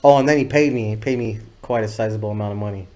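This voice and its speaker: A man's voice: fairly low pitch, rapid-fire, mellow. Laid-back man, rambling and profane. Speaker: music video director, podcast guest. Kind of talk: casual storytelling interview.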